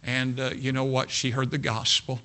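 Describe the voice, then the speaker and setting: Guy preaching, bright sharp tone, folksy, keeps saying you know what. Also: mid-range voice, monotone, normal speed. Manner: folksy, repeats "you know what", swings from soft to loud. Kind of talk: sermon with personal story.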